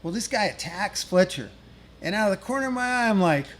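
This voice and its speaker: A man's voice: high voice, expressive, brisk, a little hiss or hum. A middle-aged man telling a rambling, profane touring story as a guest musician, laughing at his own tale. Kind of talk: casual storytelling.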